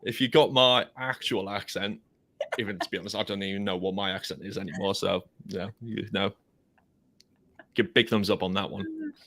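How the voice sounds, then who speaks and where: English guy hosting a footy podcast from his converted garage, lowish bright voice, rambly and easygoing. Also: sing-song, moderate pace. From England. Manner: chatty, self-deprecating, rambling. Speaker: podcast host. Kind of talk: casual chat. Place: home studio in a converted garage.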